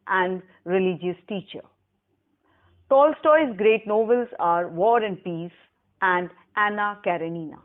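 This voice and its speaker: A woman English lecturer from Pakistan gives a recorded lesson, carefully spelling words aloud for students in a slow, deliberate teacher's manner. Her voice is mid-range, and the sound is phone quality.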